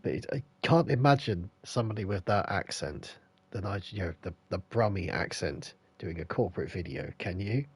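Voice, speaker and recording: A man's voice: low voice, expressive, normal speed, slightly rough. A man giving casual, rambling commentary as a game streamer at home. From England. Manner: rambling, chatty asides.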